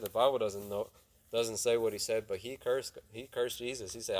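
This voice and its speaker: Fairly low and a little darkish, the young man's voice keeps a fairly even intonation and moves a little fast. He's a youth preacher delivering a laid-back sermon, telling a Bible story simply, asking his listeners questions, and voicing the characters' dialogue.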